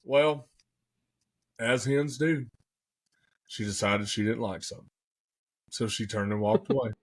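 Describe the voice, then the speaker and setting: A young man, excitedly telling a hunting story in casual podcast chat, full of folksy slang. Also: mid-range voice, measured pace.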